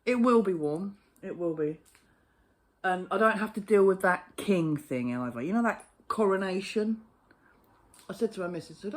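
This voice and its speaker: A woman's voice: medium pitch, lively intonation, moderate pace. A woman ranting to camera in a casual vlog, exasperated and sweary, often laughing in disbelief. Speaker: vlogger.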